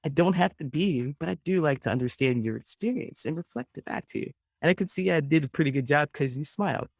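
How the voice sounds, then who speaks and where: A man working as a friendship coach, answering interview questions as an animated storyteller who acts out voices and laughs often. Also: fairly high pitch, fast, creaky, dry recording, studio quality. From United States.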